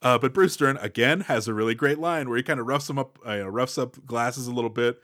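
A man's voice: mid-range voice, fast talker, no echo, clean studio sound. A man co-hosting a casual movie podcast, recapping scenes with playful jokes and asides. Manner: animated, jokey, recaps plot with playful asides. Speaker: podcast co-host.

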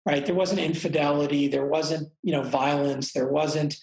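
A middle-aged man tells a personal story in a frank, reflective way, cursing offhandedly. His voice has a gravelly edge. The room adds a noticeable echo. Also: fairly high pitch, fairly even intonation, normal speed, a little mellow. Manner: reflective, frank, swears casually. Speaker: guest telling a personal story. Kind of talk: candid storytelling conversation. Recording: roomy echo.

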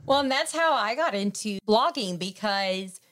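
A woman's voice: medium pitch, expressive, a little slow, a bit bright. A woman blogger and podcast host telling stories in casual panel chat, laughing easily. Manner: chatty storyteller, laughs often.

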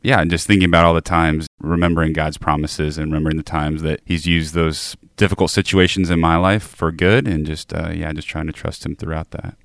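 A man on a casual faith podcast, speaking in a quiet, searching way with hesitant fillers. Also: very deep voice, fairly even intonation, brisk, vocal fry, few pauses, dry recording, studio quality.

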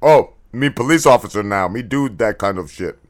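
A man's voice: lowish voice, lively intonation, moderate pace, background noise, natural voice. A man voicing a dim, hairy male ape police officer who speaks in caveman broken English. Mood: dim-witted.

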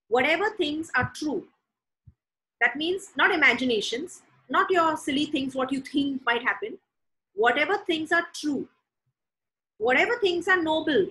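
A woman preaching a sermon with a high, bright voice. She leans hard on key words and repeats them to drive her point home. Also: low-quality recording. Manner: emphatic, repeats words for stress.

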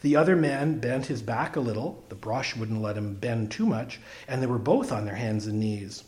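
A man reading a humorous story aloud with an expressive, wry delivery. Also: medium pitch, normal speed, hardly any pauses. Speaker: narrator.

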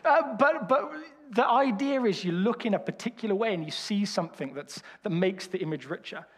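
High-voiced Birmingham preacher, joking and self-mocking. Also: male voice, lively intonation, fairly quick, slightly rough. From Birmingham, England. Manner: humorous, self-deprecating storytelling. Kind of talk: sermon. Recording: reverberant hall.

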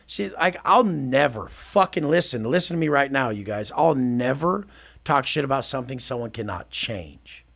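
Gravelly, blunt, profane man. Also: mid-range voice, animated, normal speed, fairly bright tone. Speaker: podcast guest. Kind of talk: casual talk.

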